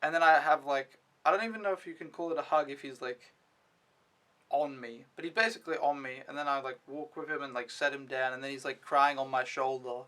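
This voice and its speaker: A man's voice: mid-range voice, fairly even intonation, a little fast, pushed and bright. A young man doing a casual vlog recap of his week as an au pair, rambling with lots of "like" and frequent swearing. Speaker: au pair vlogger.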